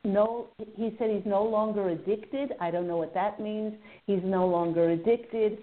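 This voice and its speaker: A woman's voice: medium pitch, steady tone, unhurried. Woman hosting a radio call-in over a tinny line. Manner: warm, effusive, relays messages with many fillers. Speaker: radio show host and psychic reader. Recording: phone-like narrow audio.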